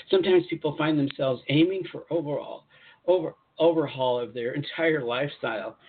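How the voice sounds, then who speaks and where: A man hosting a spiritual advice show, speaking in an encouraging, repetitive way and pausing to comment as he reads articles aloud. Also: medium pitch, slight background noise. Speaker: host channeling spirit guides. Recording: tinny phone-like audio.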